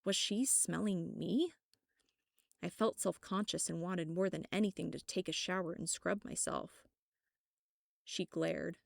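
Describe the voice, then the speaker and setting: A woman narrating first-person fiction as an audiobook, reading in a measured, even way. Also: on the low side, gravelly, no echo, studio quality.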